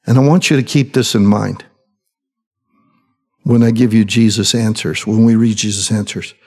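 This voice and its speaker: A male pastor preaching a sermon with fervent emphasis, at times dropping to soft, quiet lines. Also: fairly low pitch, fairly even intonation, moderate pace, breathy edge. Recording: long hall reverb.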